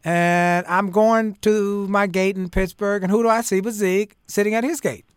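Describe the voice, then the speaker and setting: Brief: an animated male interviewer, higher voice, with lots of ums and restarts. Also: normal speed, smooth, no echo, studio quality. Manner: animated storyteller with frequent fillers. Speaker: talk show host. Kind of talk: conversational interview.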